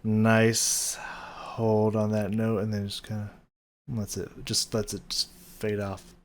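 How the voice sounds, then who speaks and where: A man's voice: lowish voice, completely flat delivery, slow, heavy background noise. A man hosting a music reaction video, breaking down a song casually, with hesitant restarts and rhythms hummed aloud.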